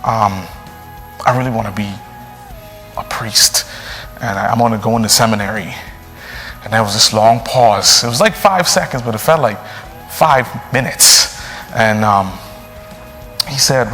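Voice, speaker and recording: A man's voice: medium pitch, normal speed. Young man, priest, earnest storytelling in a mid-range voice; reverberant space, faint music. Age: young adult. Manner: earnest, animated with frequent fillers. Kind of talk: personal storytelling.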